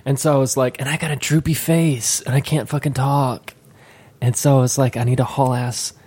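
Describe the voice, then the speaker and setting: Speaking at medium pitch with a darkish, slightly rough tone, a middle-aged podcast co-host keeps his intonation fairly even and his pace moderate. In relaxed conversation he rambles through stories, cursing freely along the way.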